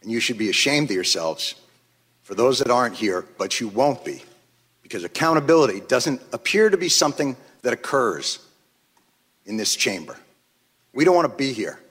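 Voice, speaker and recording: A man's voice: mid-range voice, very animated, moderate pace, breathy edge. Angry man testifying in an echoing hall. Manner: angry, forceful, emphatic. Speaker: witness testifying at a congressional hearing. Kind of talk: impassioned prepared testimony. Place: large hearing chamber. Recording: long reverb of a large hearing room.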